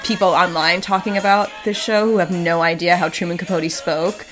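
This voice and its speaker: A woman with a lowish voice co-hosts a comedy podcast, talking loosely and rambling through asides. Music plays clearly behind her. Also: fairly even intonation, fairly bright tone, rough recording. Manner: chatty, rambling, quick asides with fillers. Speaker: podcast co-host. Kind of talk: casual comedic chat. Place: New York City.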